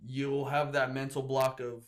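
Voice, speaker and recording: A man's voice: medium pitch, level tone, unhurried. A man from Southern California, a guest on a podcast, talking in an earnest, laid-back, slangy way. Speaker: guest skateboarder. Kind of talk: casual podcast chat.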